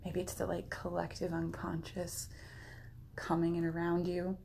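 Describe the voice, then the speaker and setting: A woman's voice: fairly low pitch, completely flat delivery, a little slow, gravelly, darkish tone, a little hiss or hum. A young woman co-hosting a podcast, chatting casually and laughing often. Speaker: podcast co-host. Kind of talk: casual chat.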